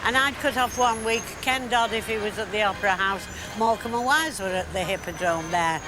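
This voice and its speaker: An older actress telling lively stories about her career in an interview, acting out what people said. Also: medium pitch, fairly quick, few pauses, in a large hall, over music. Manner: chatty anecdotal, acts out quotes. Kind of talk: storytelling interview.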